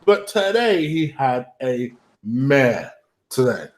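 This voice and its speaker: A man in casual football chat, excitable and swearing, stumbling over his words. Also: mid-range voice, slow pace. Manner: excitable, swears, stammers on restarts. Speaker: football podcast guest.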